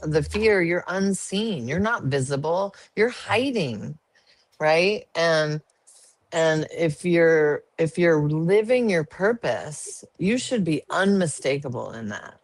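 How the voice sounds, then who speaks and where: A woman's voice: low voice, animated, slow pace, no echo. A woman guest sharing her story in an interview, earnest and emotional. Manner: earnest, emotional, laughs easily.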